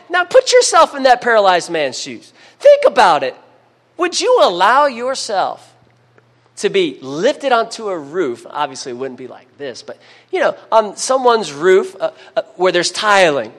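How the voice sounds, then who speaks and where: A man preaching a sermon, emphatic, calling for amens and dropping to a hush between louder bursts. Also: high voice, very animated, measured pace. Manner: emphatic preaching with call-and-response amens, swings between loud and hushed.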